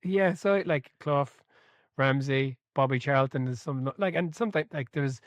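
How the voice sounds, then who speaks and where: A man's voice: mid-range voice, normal speed, no room sound. A man co-hosting a casual chat about a football book, telling stories with laughter and the odd swear word. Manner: animated storyteller, swears, laughs mid-sentence. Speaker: podcast co-host.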